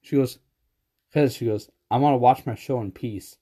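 A man chatting casually on a podcast, telling animated stories and laughing often. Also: medium pitch, moderate pace. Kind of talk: casual chat.

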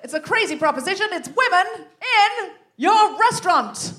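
A woman's voice: extremely high pitch, expressive, normal speed, a bit bright, pitched above the performer's own voice. A woman playing a bold, persuasive nineteenth-century lady writer in an improvised comic sketch. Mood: coaxing. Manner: theatrical, persuasive. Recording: live theatre recording with audience.

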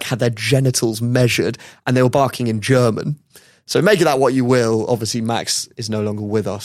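A man's voice: medium pitch, dry recording, studio quality. A man hosting a podcast, telling a story in a casual, wry way and laughing often. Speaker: podcast host. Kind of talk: casual chat.

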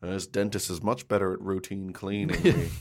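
A man's voice: deep voice, level tone, normal speed. A man co-hosting a casual podcast, making wry, punning quips. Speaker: podcast co-host. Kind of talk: casual chat.

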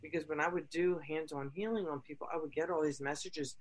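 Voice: mid-range voice, fairly even intonation, brisk, low-quality recording. Earnest host who repeats for emphasis. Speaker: host, coach and Reiki practitioner. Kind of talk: casual conversation.

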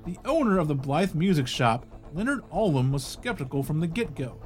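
A male podcast host reads a long article aloud in a voice a touch higher than most men's. Now and then he steps out of the text with loose, casual asides, stumbling and restarting a word here and there. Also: big pitch swings, fairly quick, hardly any pauses, soft background music. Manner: conversational asides with small restarts.

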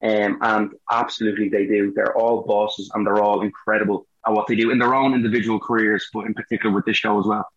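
Animated irish man, echoey dull sound. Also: fairly low pitch, quick pace, hardly any pauses. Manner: animated storyteller, acts out quotes. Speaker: guest, actor. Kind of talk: casual chat.

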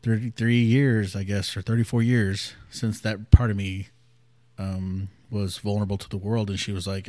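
A man's voice: flat delivery, normal speed, no room sound. Candid, reflective man in his late 30s. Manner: candid and reflective, often trailing off to a hushed, low voice. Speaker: podcast host. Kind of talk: personal storytelling.

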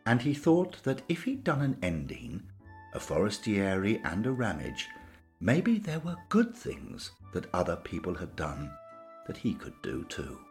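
A man narrating a children's-style story in a lively, sing-song storytelling manner. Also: lowish voice, measured pace, faint music behind.

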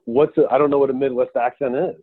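A young man rambles through a casual podcast chat, poking fun at himself and tripping over his own restarts. His voice sits at a middling pitch and comes across bone dry. It arrives through a thin, tinny line, like a phone call. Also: fairly even intonation, fast talker, no echo. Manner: rambling, self-deprecating, many restarts and stammers. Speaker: podcast guest.

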